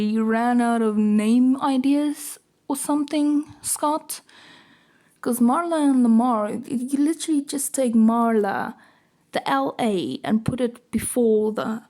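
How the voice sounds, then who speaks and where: A woman's voice: a little high, warm tone. A woman reading a graphic novel aloud in a casual, giggly way, with chatty, self-mocking asides. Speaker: comic book reader. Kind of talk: casual read-along with commentary.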